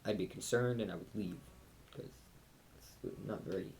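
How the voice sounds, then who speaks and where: A man's voice: fairly low pitch, moderate pace, creaky, darkish tone, slight background noise. A teenage boy vlogging casually from his bedroom, rambling and joking while he holds a cat. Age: teens. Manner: rambling, jokey, talks to a cat. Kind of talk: casual chat to camera. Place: bedroom at home.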